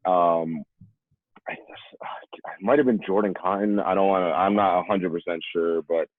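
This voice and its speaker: Low-voiced young man on a tinny line. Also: measured pace, no echo. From New York, USA. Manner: lively storyteller acting out quoted voices. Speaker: podcast guest, former college running back. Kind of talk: casual storytelling. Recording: tinny phone-like remote line, dry.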